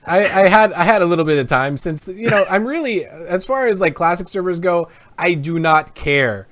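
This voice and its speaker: A man's voice: high voice, moderate pace, fairly bright tone. A man co-hosting a gaming podcast in casual chat, blunt and offhand. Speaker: podcast co-host.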